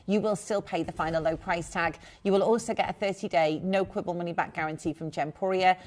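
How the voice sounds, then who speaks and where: Female live shopping host, low-pitched, gushing and chatty, light music bed. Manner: chatty, gushing, quick asides. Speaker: shopping channel presenter. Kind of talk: live TV jewellery selling.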